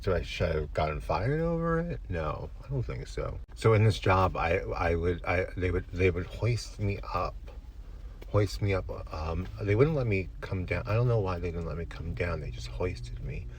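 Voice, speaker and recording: Deep-voiced deadpan man telling a tall tale. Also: normal speed, a little hiss or hum. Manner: deadpan, rambling absurd tale. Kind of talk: comic storytelling to camera.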